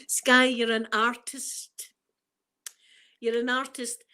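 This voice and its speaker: A woman's voice: a little high, little pitch movement, extremely slow, pushed and bright. A middle-aged woman with a Scottish accent chatting casually on a live stream, reading the chat and laughing often. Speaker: ASMR streamer.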